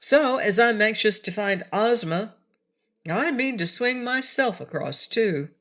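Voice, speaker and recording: A woman voicing a confident young girl in a storybook reading, bright and resolute. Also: on the high side, animated, measured pace, pitched above the performer's own voice.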